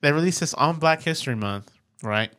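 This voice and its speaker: A man's voice: fairly high pitch, animated, a little fast, sharp tone. A man co-hosting a casual podcast chat, loose and joking, often trailing off and restarting sentences. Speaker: podcast co-host.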